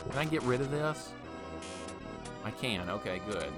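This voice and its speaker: A man's voice: mid-range voice, expressive, unhurried. A man from Alabama, chatting casually with viewers while streaming a game, reading chat aloud and laughing often. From Alabama, USA. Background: game music.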